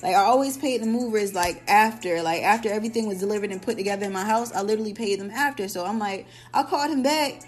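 A young woman hosting a podcast, telling a story in a casual, animated, profane way and acting out quoted lines. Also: medium pitch, fast talker, few pauses, faint music behind. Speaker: podcast host.

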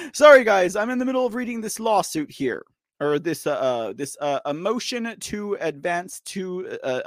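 Lively high-voiced male livestream host. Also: no echo, clean studio sound. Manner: animated, laughing, teasing, talks straight to viewers. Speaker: host of a political news livestream. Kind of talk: casual livestream commentary talking to the chat.

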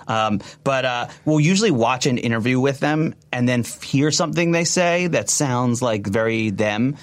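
Man chatting on a podcast, rambly, tangents, laughs a lot, mid pitch. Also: normal speed. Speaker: voice actor guest. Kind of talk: casual podcast chat.

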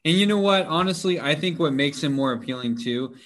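A man chatting casually on a podcast, enthusiastic and quick to laugh. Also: on the high side, expressive. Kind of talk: casual chat.

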